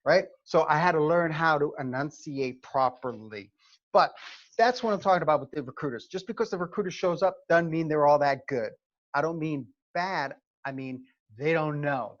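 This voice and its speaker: A middle-aged man, a former Army first sergeant, tells stories to advise students. He often stops to check in with "okay?". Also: on the high side. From New York. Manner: animated storyteller, frequent "okay?" check-ins. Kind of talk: conversational seminar talk. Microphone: video call. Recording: lo-fi video call audio.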